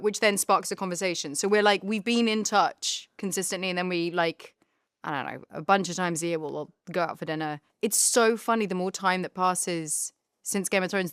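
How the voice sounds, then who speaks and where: A woman, chatting in an interview, lively and emotional, laughing and tearing up easily. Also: fairly low pitch, clean tone, no echo, studio quality. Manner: animated, emotional, quick to laugh and tear up. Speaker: actor guest. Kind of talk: casual interview chat.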